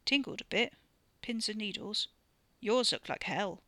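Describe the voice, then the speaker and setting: A woman's voice: mid-range voice, measured pace, pushed and bright, no room sound. A woman voicing a shaken, anxious young man in an audiobook, tense and uneasy.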